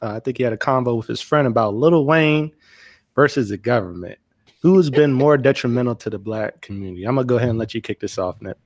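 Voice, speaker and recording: A man's voice: medium pitch, fast, dry recording. A man hosting a casual podcast, easygoing, introducing the topic and affirming others. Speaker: podcast host.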